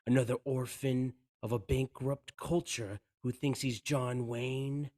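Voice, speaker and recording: A man's voice: medium pitch, fairly even intonation, measured pace, a little mellow, no echo, clean studio sound, lightly acted. A man reading a cold, scheming male terrorist leader from a script, stumbling over some words. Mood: cool, mocking.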